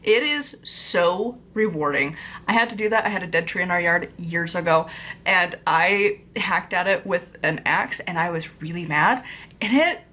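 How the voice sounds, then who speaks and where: A woman's voice: lowish voice, lively intonation, normal speed, sharp tone. A woman in a casual vlog book review, mid-rant. She is exasperated, peppers every sentence with "like", and swears freely in her everyday speaking voice. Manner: exasperated ranting, heavy use of "like", casual swearing. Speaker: book reviewer and witchcraft author.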